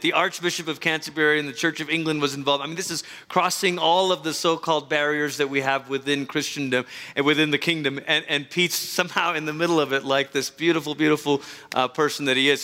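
A man's voice: a little high, big-room sound. A man pastor introducing a guest speaker at a church service, talking with enthusiasm and frequent fillers. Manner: warm enthusiastic praise, frequent fillers and restarts.

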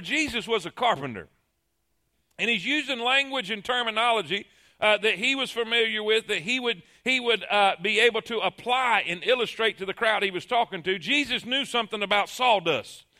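A man preaching in a church with a drawl. His voice sits very high and sounds bright and forceful. He talks in an animated way, repeating phrases and stumbling over restarts as he builds his points. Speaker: pastor. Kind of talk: sermon. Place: church sanctuary.

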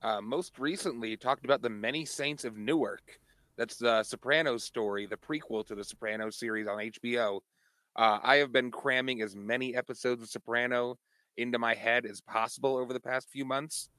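A man guesting on a podcast, relaxed and casual, often starting with "uh". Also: medium pitch, moderate pace, no room sound.

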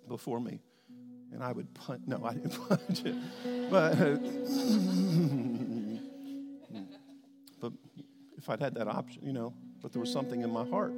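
A man's voice: a little high, vocal fry, long reverb tail. A man preaching a sermon as a pastor, telling a personal story and acting out his conversations with God.

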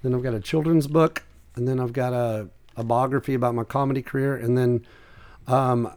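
A man's voice: mid-range voice, brisk, clean tone, no room sound. A man, a comedian and author, telling funny stories in a casual chat and acting out the people in them. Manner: animated storyteller, acts out quoted voices.

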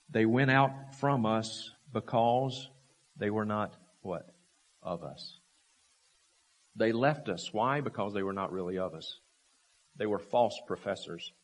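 A man preaching a sermon, emphatic and full of rhetorical questions, repeating key phrases and swinging from raised, forceful lines to low, quiet ones. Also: slightly rough.

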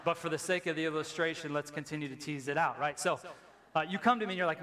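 A middle-aged male pastor with a fairly high-pitched voice preaches a conversational sermon in a church. He talks casually, repeats phrases, and pushes toward emphatic peaks. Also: quick pace, a bit bright. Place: church sanctuary.

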